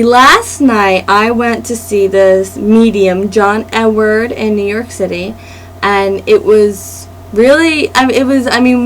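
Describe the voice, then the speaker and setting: A young woman vlogging to camera in a casual, rambling and excited way, with restarts and laughs. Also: a little high, slight background noise, rough recording.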